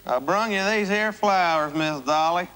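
A man's voice: high-pitched, moderate pace, voice pushed up, natural voice. A man playing a bashful country bumpkin suitor, with a put-on rural Southern drawl and homespun sayings. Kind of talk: sketch comedy acting. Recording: hissy, clicky old TV broadcast.

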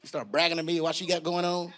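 A man's voice: a little high, fairly even intonation, fast talker, fairly bright tone. A man doing stand-up comedy, telling a slangy story with animation into a handheld mic on a club stage.

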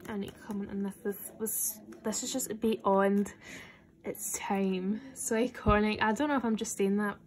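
A young adult woman vlogger chatting casually and excitedly through an unboxing, nervous and swearing freely. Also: mid-range voice, moderate pace, slight background noise.

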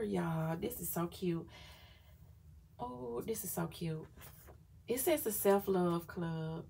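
A woman's voice: medium pitch, takes it slowly, creaky, warm tone, breathy edge. A woman vlogger chatting casually through a planner flip-through, gushing and often saying y'all.

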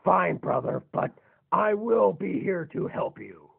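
A man's voice: high voice, big pitch swings, slow pace, creaky, slightly rough, heavily acted. A man voicing a scheming, boastful male robot villain in a fan robot drama, speaking in a gloating, menacing way. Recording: tinny lo-fi phone-like recording.

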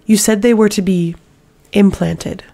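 A woman reading an audiobook voices a frightened young servant girl who talks haltingly, with a gravelly edge. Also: medium pitch, fairly even intonation, dark tone. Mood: shaken. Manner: halting, shaken, breaking into sobs.

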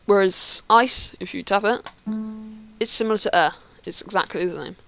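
A woman's voice: mid-range voice, moderate pace, gravelly, bright, forceful tone, faint music behind. A woman giving a casual game tutorial, rambling with lots of ums and restarts. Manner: rambling, hesitant, many ums. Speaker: Minecraft tutorial creator.

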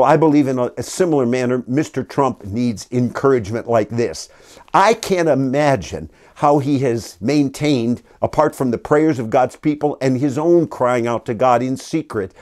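A man's voice: medium pitch, darkish tone. An older man giving preachy political commentary on his podcast, earnest and emphatic, often posing rhetorical questions.

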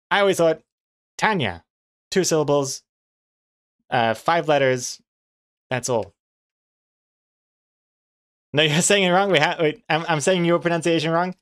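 His voice a little high, clear, resonant, and fairly bright, a man streams himself drawing comics and chatting casually. He thinks out loud, responds to chat, laughs readily, and pokes fun at pronunciations.

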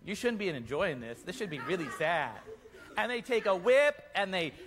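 A man leading a children's Easter play, narrating the story and directing the kids in a playful, animated way. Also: sits high, a little slow, background noise. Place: church hall. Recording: echoey church hall.

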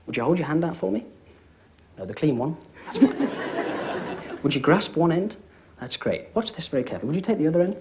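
Performing comedy close-up magic in a live TV studio with an audience, a young man speaks fairly quickly in a fairly high, sing-song voice, pausing often over a noisy background. His patter is joking and chatty, peppered with "all right?"

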